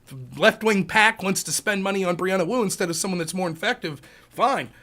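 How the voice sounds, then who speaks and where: A man's voice: sits high, a little fast, pushed and bright. A man hosting a political live stream, ranting in a profane, combative, sarcastic way. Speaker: livestream political commentator.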